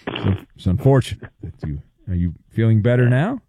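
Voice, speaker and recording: A man's voice: fairly low pitch, expressive, normal speed, vocal fry, dark tone, no room sound. A man hosting a sports talk radio show, teasing his callers with wry, mock-dramatic banter. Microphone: studio microphone.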